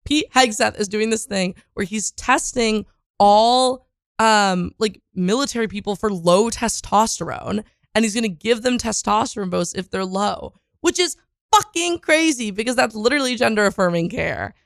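A woman's voice: medium pitch, expressive, moderate pace, vocal fry, dry recording, studio quality. A woman casually recapping the week's news, blunt and opinionated, swearing freely and rambling with fillers.

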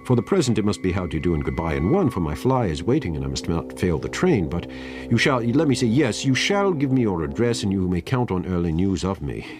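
A man putting on a rich old doctor, placating, smooth and hurried, lively up-and-down voice. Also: sits low, noisy background. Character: older wealthy smooth-talking male doctor, nervous.

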